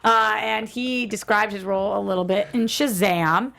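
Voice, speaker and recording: A woman co-hosting a movie news podcast in loose, easy chat. Her voice has a noticeable gravelly fry at mid pitch, and she laughs often between items she reads aloud. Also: a bit bright. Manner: chatty, quick to laugh, reads quotes aloud. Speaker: podcast co-host.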